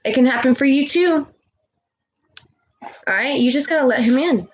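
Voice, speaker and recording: A woman's voice: high voice, moderate pace, lo-fi sound, slight background noise. A woman giving an earnest spiritual message on a live stream, preaching and often checking in with "okay?". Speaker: spiritual livestreamer.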